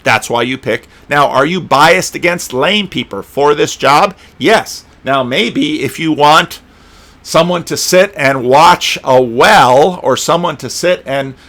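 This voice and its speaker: A middle-aged man delivers a solo spoken commentary in a slightly raised pitch. He thinks out loud, wandering through examples and restarting sentences in a loose, conversational way. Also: slow. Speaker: pastor and video commentator.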